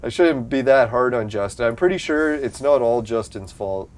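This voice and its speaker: A man's voice: mid-range voice, moderate pace. Profane, rambling man chatting on stream. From Canada. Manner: rambling, profane, laughs often. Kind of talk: casual live-stream chat.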